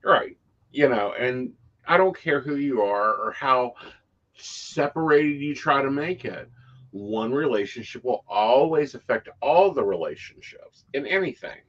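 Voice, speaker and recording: A man's voice: mid-range voice, expressive, measured pace, a bit bright, highs cut off. A man co-hosting a casual chat about psychic life, blunt and free with swear words. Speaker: psychic co-host.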